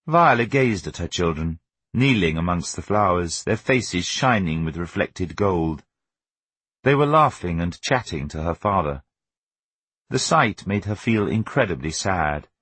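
Husky, expressive male narrator. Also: low voice, unhurried, dry recording. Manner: expressive, wry storytelling with lively shifts in tone. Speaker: audiobook narrator. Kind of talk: scripted narration.

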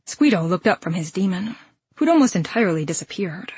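A woman narrating a first-person fantasy audiobook, brisk and dramatic. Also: fairly low pitch, very animated, husky, no room sound. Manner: brisk and dramatic, sharp outbursts in action.

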